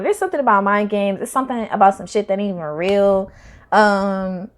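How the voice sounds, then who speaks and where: A woman's voice: mid-range voice, a little fast. Slangy woman giving a tarot reading. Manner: slangy, rambling, swings loud and soft. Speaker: tarot reader. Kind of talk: casual spiritual reading to camera.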